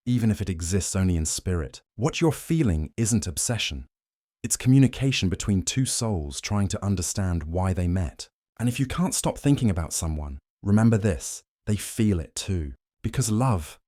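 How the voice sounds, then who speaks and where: A man with a very deep, dark and mellow voice reads scripted motivational narration. His delivery is slow, measured and solemn. The sound is dry and close, with no room around it. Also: no echo.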